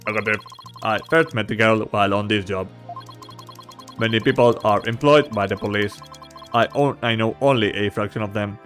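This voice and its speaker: Man putting on a clipped robotic bomb expert, low flat voice, slow. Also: soft background music, lightly acted. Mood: curt. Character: curt robotic-sounding male bomb expert.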